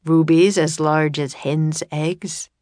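A gruff, stately man of the court tests his visitors in measured tones, pitched low for the reader, as a woman reads him. The delivery is slow, with a dry, close sound. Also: fairly even intonation, a little mellow, dry recording. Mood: probing.

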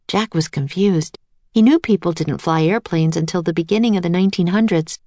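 A woman's voice: fairly low pitch, a little fast, mellow, dry recording. Woman reading a children's story aloud. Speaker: storybook narrator.

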